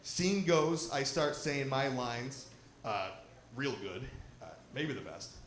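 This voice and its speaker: Profane stand-up comic in a roomy venue. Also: male voice, mid-range voice, takes it slowly. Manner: profane, storytelling, animated delivery. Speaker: stand-up comedian. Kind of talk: stand-up comedy set. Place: lodge venue, live show. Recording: roomy live recording with crowd noise.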